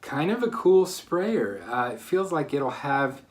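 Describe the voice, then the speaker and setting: A man vlogging a casual unboxing from a quiet room at home, chatty and upbeat, with plenty of ums and uhs. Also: on the high side, very animated, slow. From United States. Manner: chatty, upbeat, many fillers. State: slightly out of breath. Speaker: fragrance reviewer.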